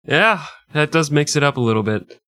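A man's voice: fairly high pitch, expressive, normal speed, sharp tone, smooth, dry recording, clean studio sound. A man in his thirties co-hosting a comedy history podcast, joking and laughing often. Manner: laughs often, plugs the show. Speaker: podcast co-host. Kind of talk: casual comedy chat.

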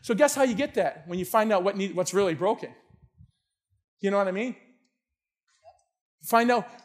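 Excitable male preacher with a very high voice, shouting at peaks, restarting lines. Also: moderate pace. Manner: excitable, shouting at times, repeats words. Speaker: pastor. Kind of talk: sermon. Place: church sanctuary.

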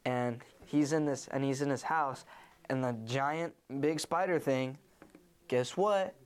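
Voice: medium pitch, slow, clean tone. Young host, casual and rambling, stops and restarts a lot; podcast chat voice. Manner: rambling, many fillers and restarts. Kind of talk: casual chat, retelling a movie.

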